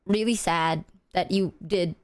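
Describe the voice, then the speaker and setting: A woman's voice: fairly low pitch, measured pace. A woman streamer in casual chat, laughing often and talking animatedly. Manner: giggly, animated, acts out quotes.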